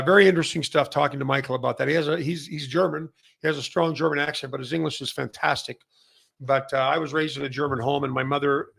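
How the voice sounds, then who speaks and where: Gravelly rambling middle-aged man. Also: fairly high pitch, a bit bright. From Canada. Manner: rambling, many fillers and restarts. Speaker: massage chair retailer and show host. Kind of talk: casual industry update monologue.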